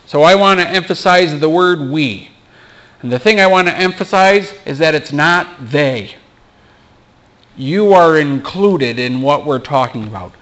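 A man's voice: a little high, expressive, unhurried, a bit bright. Man preaching casually with joking asides. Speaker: pastor. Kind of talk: informal sermon. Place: small church.

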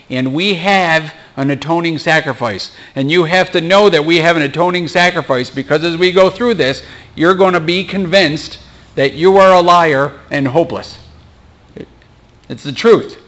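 A pastor giving an informal sermon in a small church, mixing scripture with joking asides. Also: male voice, on the high side, normal speed, a bit bright. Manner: conversational preaching with joking asides.

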